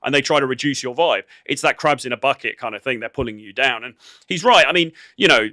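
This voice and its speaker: Bright, crisp man giving dating advice. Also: mid-range voice, fast talker, no echo. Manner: conversational and coaching, many "you know" fillers. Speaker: host of a dating advice channel. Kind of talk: reaction commentary on a clip.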